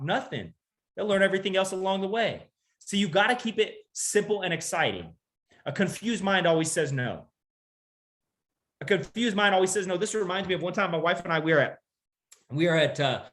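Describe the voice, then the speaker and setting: A man with a notably high voice delivers a motivational sales talk to a crowd. He fires off rhetorical questions, repeats his key lines for emphasis and pulls the audience into call-and-response. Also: a bit bright. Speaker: sales trainer.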